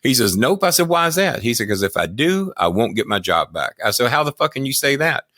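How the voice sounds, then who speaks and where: A man's voice: medium pitch, very animated, brisk, sharp tone, dry recording, clean studio sound. An older American man, a podcast guest, telling long boastful and profane stories in casual chat. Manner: profane, boastful, rambling anecdotes. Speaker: podcast guest, former wrestling manager.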